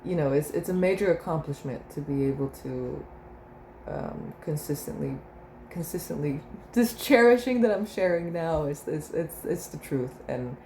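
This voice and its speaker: A woman's voice: sits low, animated, moderate pace, darkish tone. A young woman and mother talking through a reflective spoken diary, meandering and searching for words, often breaking into laughter. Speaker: mother keeping a video diary. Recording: roomy echo with faint room noise.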